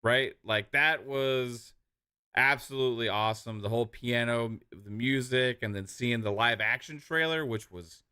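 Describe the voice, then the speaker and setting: A man's voice: medium pitch, unhurried, sharp tone, clean tone. A man co-hosting a live stream, chatting casually and enthusiastically about game trailers in loose slangy talk. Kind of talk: casual gaming show chat.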